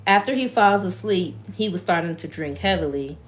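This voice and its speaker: A woman's voice: lowish voice, expressive, moderate pace. A woman reading a book aloud on a live stream, breaking off for blunt, profane, emphatic asides.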